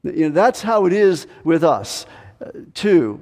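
Male pastor, fairly high voice, sermon delivery, earnest and questioning, long sanctuary reverb. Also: expressive, normal speed, darkish tone. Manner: earnest, rhetorical questions, pitch climbs when voicing reluctant believers. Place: church sanctuary.

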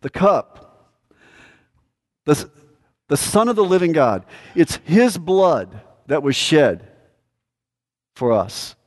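A male pastor preaching a sermon, emphatic and repetitive, swinging from loud declarations to a hushed, earnest plea. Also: a little high, big pitch swings, takes it slowly, pauses often.

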